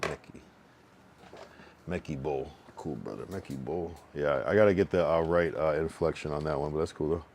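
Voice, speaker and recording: A man's voice: rumbling low, moderate pace, darkish tone, slight background noise. A young man on a casual live stream, chatting loosely and repeating a word again and again to get the pronunciation right. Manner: loose and rambling, with many fillers and laughs. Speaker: livestreamer.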